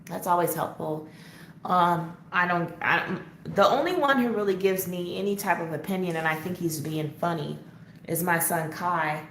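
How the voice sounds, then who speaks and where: A woman's voice: on the low side, normal speed, fairly bright tone. Woman, live coloring host, casual chat, laughs often, echoey room, faint background noise. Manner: chatty, answers viewer comments, laughs often.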